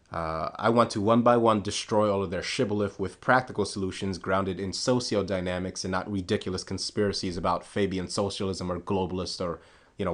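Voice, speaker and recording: Low-voiced man delivering scornful commentary. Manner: sarcastic, scornful, rising emphasis on key words. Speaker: political commentary vlogger. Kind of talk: scripted monologue commentary.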